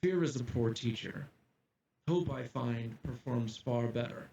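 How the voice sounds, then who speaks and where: A man's voice: medium pitch, creaky, warm tone, highs cut off, a little hiss or hum. A man playing a solemn school headmaster. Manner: solemn, measured address. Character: grave male headmaster addressing students. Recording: distant roomy mic with faint ambience.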